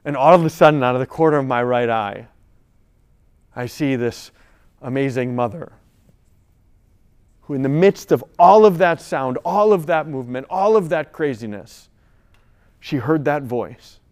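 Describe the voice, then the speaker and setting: A man's voice: medium pitch, expressive, measured pace, pauses often, darkish tone, smooth. A man, a priest, telling a story and then preaching to a gathering of college students. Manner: storytelling, builds to preaching emphasis. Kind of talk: sermon.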